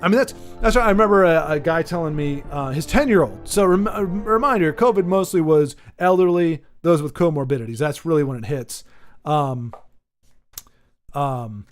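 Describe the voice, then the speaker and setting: An American man talks casually to his stream audience, starting sentences over and wandering between topics. His voice sits a touch higher than most men's. Faint music plays in the background. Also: moderate pace. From United States. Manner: rambling, many restarts, sympathetic. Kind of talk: casual chat with viewers.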